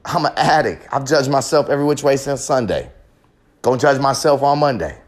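A man's voice: medium pitch, animated, fairly quick. A man hosting a podcast, delivering a raw, profane, rambling confessional monologue with real passion. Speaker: podcast host.

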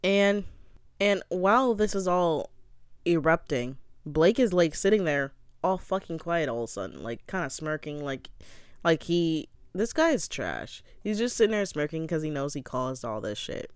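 A young adult recaps a reality show in casual commentary, blunt and opinionated, with frequent swearing. The voice is smooth and clear. The sound is dry and close, with no room sound. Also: medium pitch, sing-song, moderate pace, no echo.

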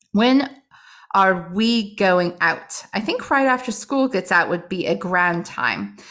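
A woman's voice: mid-range voice, fairly bright tone. Giddy teenage fan girl in a mock British accent, put on by a woman reading aloud. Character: gushing teenage girl writing a fan diary.

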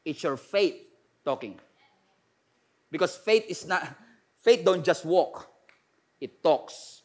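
A middle-aged man with a Filipino accent, preaching a sermon in a mix of Filipino and English, calling out to the congregation and now and then building up to shouts. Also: a little high, lively intonation, slow pace. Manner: preaching with call-and-response, rising to shouts. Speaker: pastor.

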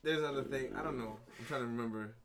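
A man's voice: medium pitch, fast, crowd noise. A man co-hosting a podcast in casual chat, easygoing, often laughing and trailing off. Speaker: podcast co-host.

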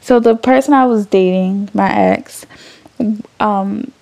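A woman's voice: medium pitch, slow pace, vocal fry, mellow. A young adult woman hosting her podcast in casual, candid chat, emotional and swearing freely as she rambles. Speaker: podcast host.

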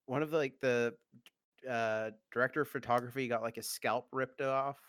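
A man co-hosting a podcast in casual chat, halting with fillers and laughing easily. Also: mid-range voice, steady tone, a bit bright, dry recording, clean studio sound. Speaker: podcast co-host.

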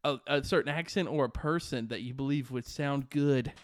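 A man's voice: medium pitch, normal speed, no echo, studio quality. A young man co-hosting a casual chat podcast, giggly and enthusiastic, laughing often. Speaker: podcast co-host.

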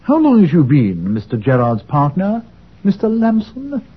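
An actor playing an earnest, eager gentleman sidekick who exclaims often. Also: fairly high pitch, huge pitch swings, moderate pace, breathy edge, lo-fi sound, exaggerated voice.

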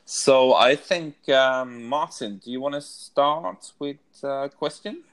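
A man's voice: mid-range voice, takes it slowly, a bit bright. A man hosts a podcast in English, which is not his first language. He greets guests in a friendly way and laughs often. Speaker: podcast host. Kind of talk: casual chat.

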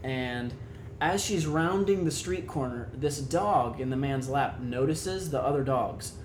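A young man tells a story in a relaxed, chatty way and keeps stacking up little filler words as he goes. His voice sits at an ordinary pitch, and the room around him sounds echoey, with a faint low rumble underneath. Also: a little slow. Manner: rambling, many fillers, animated retelling. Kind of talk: casual storytelling chat.

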